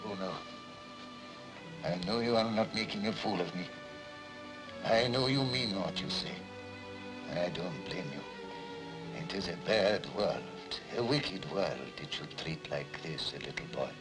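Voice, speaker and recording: An actor playing an elderly, kindly Jewish man who soothes a frightened boy in a soft, patient voice, in 1940s film style. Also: low-pitched, lively intonation, unhurried, long pauses, rough recording. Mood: earnest. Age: older. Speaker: guardian figure comforting a boy. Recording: 1940s film soundtrack with music underneath.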